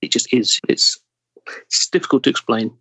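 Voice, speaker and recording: English male guest: husky, mid-pitched, dead dry close mic, thoughtful and halting. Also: lively intonation, bright, forceful tone, dry recording. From England. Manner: thoughtful, searching for words, trailing off. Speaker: actor, podcast guest. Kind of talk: casual interview chat.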